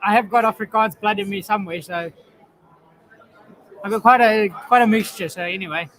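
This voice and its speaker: A man's voice: high-pitched, normal speed, fairly bright tone, poor audio. A man, commentating a rugby match on a live stream in a casual way. He reads out viewer comments, greets viewers by name, mocks himself and laughs often.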